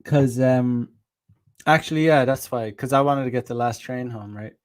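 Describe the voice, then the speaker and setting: A man's voice: medium pitch, normal speed. A man hosting his own channel, telling a dating story in a rambling, casual monologue with frequent restarts, swearing and short laughs. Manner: reads out viewer comments. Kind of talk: casual monologue with reenacted dialogue.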